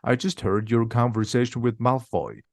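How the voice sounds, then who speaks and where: A man's voice: mid-range voice, fairly even intonation, normal speed, a little mellow, no echo, close to an everyday voice. A man reading the lines of a bossy, clever schoolgirl witch in an insistent, scolding way, dry and close.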